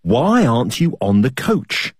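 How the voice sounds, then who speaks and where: Brief: woman quoting a hotel receptionist in a lower, husky, slow voice, dry sound. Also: sing-song, a little mellow, no echo, exaggerated voice. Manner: slow, deliberate read-out quotes. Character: female hotel receptionist, read out.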